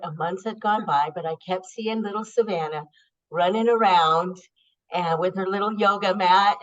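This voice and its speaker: A woman hosting a podcast, chatting casually and warmly telling a story, openly emotional. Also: on the low side. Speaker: podcast host. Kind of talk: casual interview chat. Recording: dull lo-fi sound.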